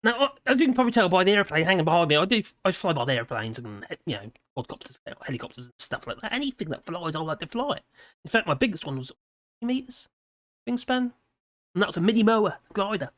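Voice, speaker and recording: This British live-stream host talks fast in a lowish voice with big pitch swings, wandering off topic between scripted commentary and casual asides. She laughs frequently and reads chat messages out loud. She's at home with a model airplane hanging behind her, and the recording is dry.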